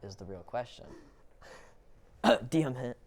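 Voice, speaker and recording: A game master running a tabletop session, unhurried and lilting up and down as they narrate the scene. The delivery is playful and theatrical over background music. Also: mid-range voice, big pitch swings, a little mellow.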